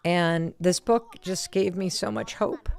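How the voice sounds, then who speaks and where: A woman hosting a podcast, talking in a casual, earnest, heartfelt way and speaking in quick bursts. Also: fairly low pitch, vocal fry. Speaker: podcast host.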